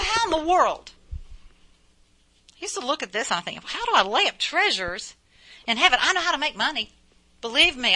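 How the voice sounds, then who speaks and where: A woman's voice: sits high, sharp tone. A middle-aged woman preaching a sermon in a folksy way, full of rhetorical questions and repetition.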